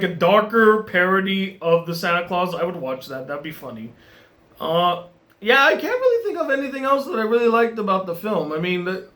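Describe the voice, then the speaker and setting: A man giving a casual film review in an animated way, often laughing and restarting his sentences. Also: high voice. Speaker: movie reviewer.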